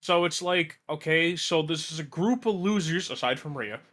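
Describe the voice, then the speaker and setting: A man's voice: on the high side, lively intonation, moderate pace, fairly bright tone. A man co-hosting a wrestling podcast in casual chat, rambling with lots of fillers. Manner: chatty, lots of likes and you knows. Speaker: podcast co-host.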